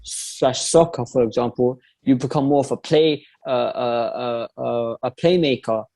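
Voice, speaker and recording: A young man co-hosting a podcast in casual chat, slangy and loose in quick bursts. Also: mid-range voice, mellow. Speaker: podcast co-host.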